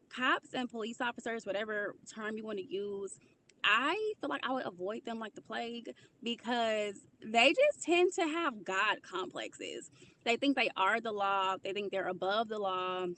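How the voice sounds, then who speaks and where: A woman's voice: mid-range voice, a bit bright, slight background noise. A woman hosting and giving direct, opinionated answers to viewers. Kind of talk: casual talk to viewers.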